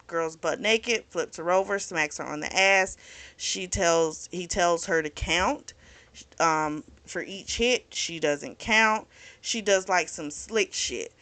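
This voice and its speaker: A woman's voice: lowish voice, slow pace, a bit bright. A woman hosting a book club video, giving a casual, blunt recap of a novel's plot and peppering it with swearing and "like.". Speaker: book club vlog host.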